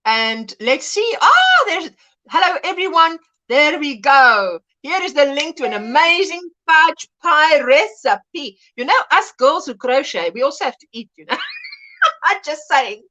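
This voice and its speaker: A woman hosts a casual livestream chat in a high, lively voice, speaking a little slowly. She's chatty, laughs often and reads comments aloud.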